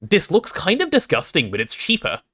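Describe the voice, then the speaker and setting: A young English man casually chatting on a gameplay livestream, reading chat aloud and joking, quick to apologize. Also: a little high, wildly swooping pitch, bright, forceful tone, husky. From England.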